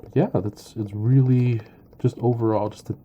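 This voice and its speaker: A man giving a casual product review, halting and full of ums and uhs. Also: medium pitch, steady tone, dark tone, a little hiss or hum. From Canada. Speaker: knife reviewer.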